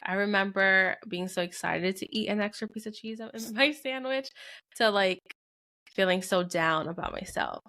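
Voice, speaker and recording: A young adult woman co-hosting a podcast, telling personal stories in a candid, animated way with lots of fillers. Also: medium pitch, normal speed. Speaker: podcast co-host. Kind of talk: casual chat.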